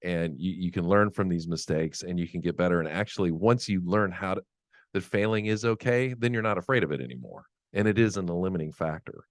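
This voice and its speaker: Very deep-voiced middle-aged male co-host. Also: fairly quick, dry recording, studio quality. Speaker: podcast co-host. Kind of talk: casual podcast chat.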